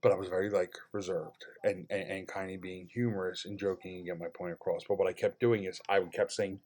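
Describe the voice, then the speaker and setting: Talking briskly with few pauses, a man relates an exasperating customer-service story in an easygoing, animated way. He curses freely and jumps from low mutters to loud outbursts, with slight background noise behind him.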